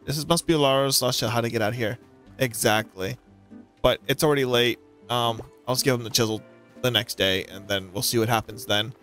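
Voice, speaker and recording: A man hosting a let's play, giving jokey, excitable commentary and talking to himself as he plays. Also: mid-range voice, brisk, soft background music. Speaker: gaming channel host.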